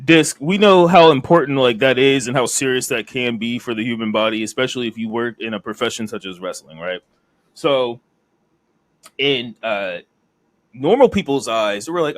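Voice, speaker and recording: A man co-hosting a casual wrestling review podcast, animated and laughing often. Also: mid-range voice, normal speed, no echo. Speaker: podcast co-host.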